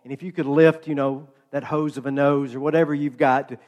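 A man's voice: fairly high pitch, fairly even intonation, fairly quick, darkish tone, voice pushed down, lightly acted. A man voicing a pompous, self-important male flea in a storybook tale, talking down and growing impatient. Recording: long hall reverb.

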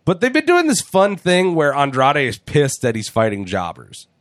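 A man talking casually on a podcast, joking and swearing as he goes. He slips into quick put-on voices when retelling scenes. The sound is dry and close, with no room around it. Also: a little high, huge pitch swings, dry recording. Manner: profane, jokey, acts out voices. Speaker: podcast host. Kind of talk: casual wrestling chat.

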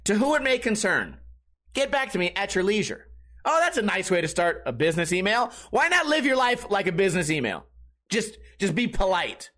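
A young man hosting a podcast, telling a rambling, swearing comedic story and acting out panicked shouts. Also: high-pitched, sing-song, moderate pace. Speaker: podcast host. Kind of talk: casual comedic monologue.

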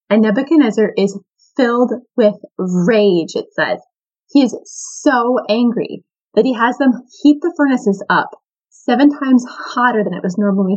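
Woman doing a casual bible lesson, excited and chatty, kinda dull muffled podcast sound. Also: fairly high pitch. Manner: chatty and enthusiastic, full of "I mean" and "like". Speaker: Bible teacher, podcast host.

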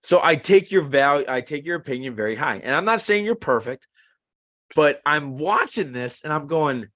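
A man in his thirties co-hosting a casual podcast chat, animated and acting out the lines he quotes. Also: on the high side, normal speed. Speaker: podcast co-host.

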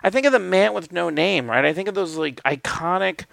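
A man's voice: sits high, a little fast, gravelly, a bit bright, no echo. A man in casual talk about films, rambling with many fillers and restarts, swearing now and then. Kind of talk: casual film discussion.

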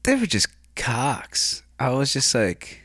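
A young man telling a casual story, rambling and profane, full of "like" and throat clearing. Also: mid-range voice, wildly swooping pitch, slow pace, fairly bright tone, dry recording, studio quality.

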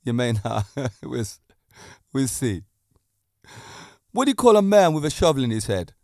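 Animated man podcasting. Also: mid-range voice, normal speed, dry recording, studio quality. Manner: animated, laughs loudly at own jokes. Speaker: podcast host. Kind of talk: casual podcast monologue.

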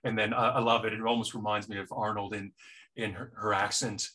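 A man preaching a sermon, talking slowly and earnestly about a personal trial, with frequent repeated starts. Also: fairly low pitch, bright, forceful tone, husky. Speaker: pastor.

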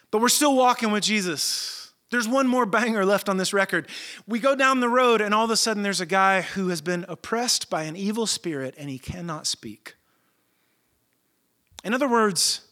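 A man preaching a sermon, retelling stories in animated, casual, slang-filled speech. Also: high-pitched. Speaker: pastor.

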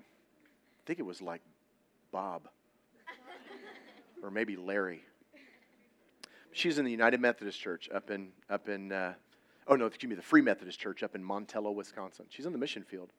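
A man preaching a sermon at youth services, telling personal stories bluntly and with jokes, his volume swinging between loud and hushed. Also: on the low side, a little hiss or hum. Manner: blunt, joking storytelling.

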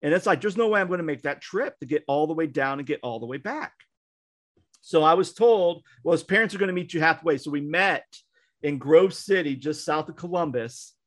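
Animated storytelling man, fairly high voice. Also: brisk. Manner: animated storyteller, acts out quotes, frequent restarts. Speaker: podcast co-host, minister. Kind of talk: casual storytelling chat.

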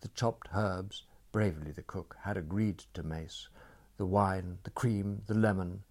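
A man narrating a novel in an audiobook, reading in a measured, expressive way with dry wit. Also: sits low.

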